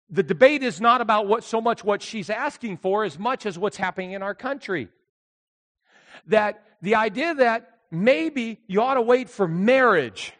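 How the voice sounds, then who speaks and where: A man preaching a sermon with emphatic delivery, swinging between loud outbursts and quiet asides. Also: sits high, big-room sound. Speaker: pastor.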